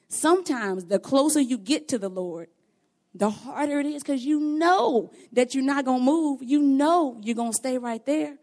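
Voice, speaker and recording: A woman giving a devotional Bible teaching to other women, talking in an earnest, conversational and emotionally expressive way. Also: medium pitch.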